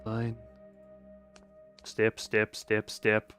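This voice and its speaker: A man's voice: fairly low pitch, monotone, very slow, over music. A young man streaming a horror visual novel, reading the text aloud and cutting in with dry jokes. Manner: dry, joking commentary between narration.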